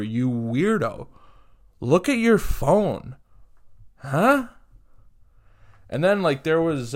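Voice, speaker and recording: A man hosting a comedy podcast, ranting in a profane, exasperated way. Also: mid-range voice. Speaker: podcast host. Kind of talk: comedic rant.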